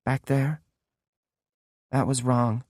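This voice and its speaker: A man playing a blank-faced teenage girl who speaks quietly without any inflection, almost numb. Dry, close audiobook sound. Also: mid-range voice, takes it slowly, dry recording, close to an everyday voice. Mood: flat. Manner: flat, toneless, quiet.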